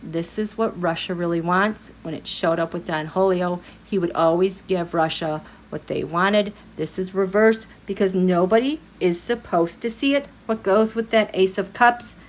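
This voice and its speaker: A woman giving a live-streamed tarot reading in an animated, exasperated way, speaking straight at the people she reads about. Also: on the low side, normal speed, hardly any pauses, a little hiss or hum. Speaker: tarot reader.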